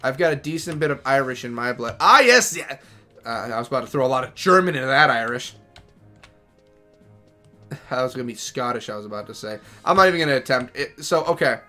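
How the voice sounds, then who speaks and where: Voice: medium pitch, quick pace, pushed and bright, faint music behind. A gaming streamer giving casual, rambling commentary as they play, joking and self-deprecating.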